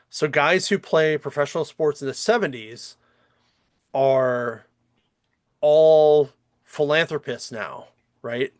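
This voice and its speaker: A man's voice: mid-range voice, dry recording, studio quality. Rambling, profane man. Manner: rambling, profane, many fillers and restarts. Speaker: podcast host. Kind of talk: casual chat.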